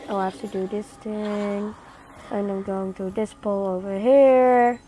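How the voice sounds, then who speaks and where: A woman's voice: mid-range voice, fairly even intonation, measured pace, warm tone. Young non-native woman chatting over game noise. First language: not English. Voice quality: chatty, bursts into startled exclamations. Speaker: gaming channel host. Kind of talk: casual gameplay commentary. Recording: noisy home game recording.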